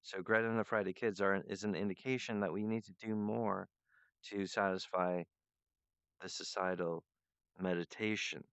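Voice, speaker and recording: Smooth low man, rambling monologue. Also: fairly even intonation, moderate pace, a bit bright, no echo. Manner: meandering, loose and free-associating. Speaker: show host. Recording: dull lo-fi dry recording.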